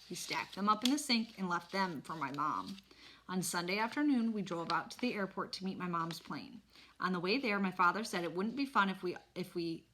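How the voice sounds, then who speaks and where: A woman reading a children's novel aloud in an expressive, animated storytelling manner. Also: lowish voice. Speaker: reader.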